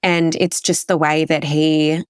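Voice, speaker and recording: A woman's voice: sits low, level tone, measured pace, smooth, dry recording, studio quality. A woman telling her personal story as a podcast guest, rambling and emotional with many fillers.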